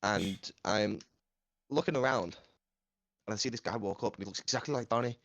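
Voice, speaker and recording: A man's voice: fairly low pitch, fairly quick, gravelly, fairly bright tone, no room sound. A young Englishman, telling a story in a laid-back, casual way and swearing freely as a podcast co-host. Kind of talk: casual storytelling among friends.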